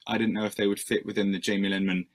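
A man's voice: fairly low pitch, little pitch movement, rapid-fire. A male musician answering interview questions in a rambling, self-deprecating way, with many fillers and restarts.

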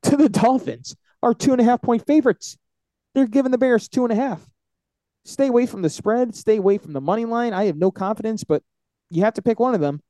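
A man co-hosting a casual sports podcast, animated and confident as he runs through his football picks. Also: very high-pitched, a little fast, no echo. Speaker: podcast co-host.

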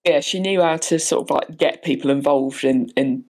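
A young woman in casual chat, retelling a film with lively quoted voices and frequent laughter. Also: deep voice, moderate pace.

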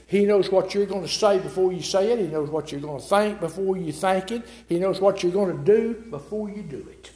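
A man's voice: sits high, darkish tone. A man preaching a sermon, emphatic and repetitive, asking his listeners rhetorical questions. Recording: echoey room.

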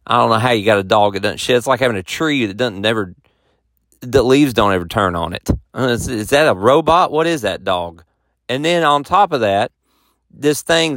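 A man's voice: mid-range voice, expressive, moderate pace, fairly bright tone, no echo, studio quality. Folksy rambling man telling a story. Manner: folksy, rambling, self-mocking. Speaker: podcast host and touring musician. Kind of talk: casual storytelling monologue.

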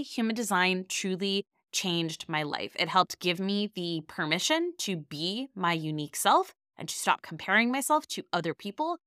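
Nasal-voiced woman in her thirties, bright. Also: fairly low pitch, clear, resonant tone, dry recording, studio quality. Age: 30s. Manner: enthusiastic, earnest. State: nasal from a cold. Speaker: podcast host. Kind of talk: casual podcast talk.

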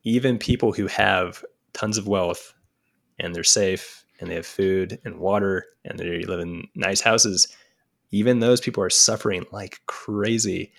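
Gravelly, low-voiced male podcast guest. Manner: animated, slips into mimicking voices for quotes. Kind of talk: casual conversation.

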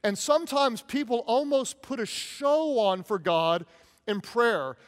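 A man delivering a sermon in a relaxed, conversational way, slipping into little voices for the people he quotes. His voice sits high for a man. The long reverb of a large church hall trails after every phrase. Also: measured pace. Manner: conversational, animated, acts out quoted prayers. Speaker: pastor.

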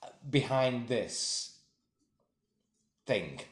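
A man's voice: mid-range voice, expressive, very slow. Man telling a rambling story, roomy sound. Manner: wry, sweary, rambling. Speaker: podcast co-host. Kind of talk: casual storytelling chat. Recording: roomy echo.

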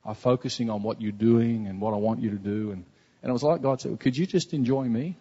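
A man's voice: on the low side, fairly even intonation, a little fast, mellow, slightly rough. A man preaching a sermon as a pastor, earnest and conversational, often repeating himself. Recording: dull, reverberant hall recording.

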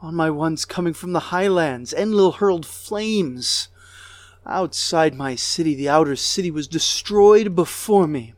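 A man voicing a grieving goddess queen who mourns her ruined city in a high, keening lament. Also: animated, a little slow, dry recording.

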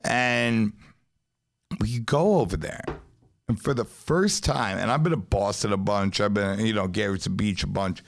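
A man's voice: on the low side, measured pace, gravelly. A man with a New York accent telling a long story in casual, profane podcast chat. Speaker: podcast host, pizzeria owner.

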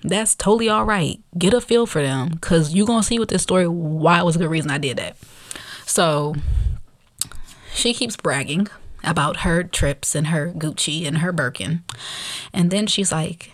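A woman podcast host telling a story in a blunt, profane, animated way, acting out the other people's lines as she goes. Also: on the low side, moderate pace, dry recording. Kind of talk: casual storytelling.

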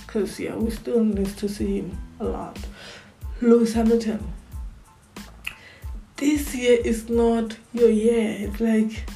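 Slow, mellow-voiced woman chatting. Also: on the high side, steady tone, gravelly, faint music behind, rough recording. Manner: chatty, repeats words, sighs and pleads. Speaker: Formula One fan vlogger. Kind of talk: casual fan commentary.

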